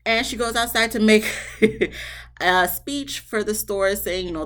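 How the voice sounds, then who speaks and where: A woman's voice: medium pitch, measured pace. A woman giving a casual, sassy recap of a reality TV episode, talking back to the people on screen. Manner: animated, sassy, talks back to the cast.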